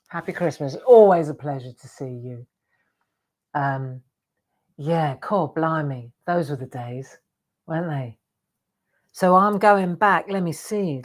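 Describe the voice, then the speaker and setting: Older woman, lower voice, chatty craft livestream host. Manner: chatty, rambling, reads out viewer comments. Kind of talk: casual livestream chat with viewers.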